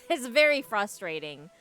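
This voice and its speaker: A woman's voice: a little high, sing-song, slow, fairly bright tone, clear, resonant tone, soft background music. A woman streaming a game, chatting casually and joking at her own expense. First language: English. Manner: chatty, joking and self-mocking with frequent laughs. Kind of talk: casual live-stream chat while gaming.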